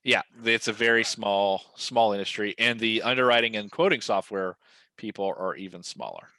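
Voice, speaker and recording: Male co-host, casual chat; animated storyteller who repeats for emphasis, bright tone. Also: on the low side, moderate pace, dry recording. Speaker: podcast co-host.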